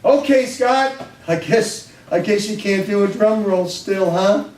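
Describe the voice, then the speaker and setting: A man's voice: sits high, unhurried, a little mellow, a little hiss or hum, voice pushed up. A man speaking as an eager, encouraging male elementary music teacher, in a coaxing, upbeat way. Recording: roomy hall, distant microphone.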